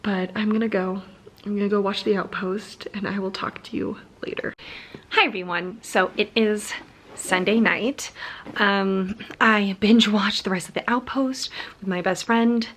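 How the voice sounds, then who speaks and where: A woman's voice: medium pitch, fairly even intonation, a little slow, a bit bright, slight background noise. A young woman chatting casually in a home vlog about books, gushing and full of "like" fillers. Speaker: book vlogger.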